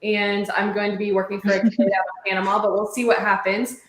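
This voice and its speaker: A woman's voice: mid-range voice, completely flat delivery, fairly quick, slight background noise. Woman from arkansas, panel guest, upbeat, candid, roomy echo. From Arkansas, USA. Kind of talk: casual panel chat. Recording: roomy echoey sound.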